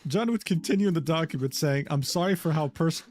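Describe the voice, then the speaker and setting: A man's voice: on the high side, a little fast, darkish tone. A man narrating a drama recap, reading quoted messages aloud with sardonic asides. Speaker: commentary narrator.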